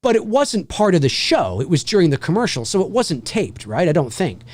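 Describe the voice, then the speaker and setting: A man from Canada, a voice actor hosting a livestream, telling a story in a chatty, animated way with plenty of fillers. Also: high voice, fairly quick, no echo, clean studio sound.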